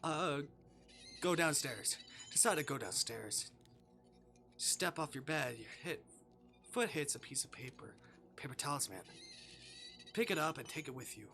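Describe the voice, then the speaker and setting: A streamer reading a visual novel aloud live, reading out the choices and swearing loudly in reaction. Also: medium pitch, animated, measured pace, vocal fry, pauses often, soft background music.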